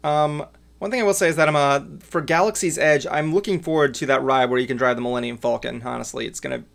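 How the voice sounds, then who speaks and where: A man's voice: medium pitch, fairly even intonation, quick pace, vocal fry, fairly bright tone. A man hosting a casual chat show, rambling with lots of fillers and restarts. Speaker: podcast host.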